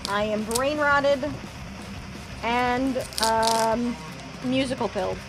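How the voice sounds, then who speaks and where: A woman streamer chatting casually and rambling while opening trading cards, quick to laugh. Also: on the high side, music in the background. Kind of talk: casual live-stream chat.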